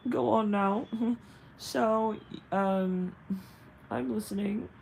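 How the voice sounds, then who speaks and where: A woman's voice: medium pitch, steady tone, drawn-out words, creaky, a little mellow, slight background noise, rough recording. A woman doing a live psychic reading, talking frankly and bluntly, laughing often and swearing at times. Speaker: psychic reader. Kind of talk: live-stream spiritual reading.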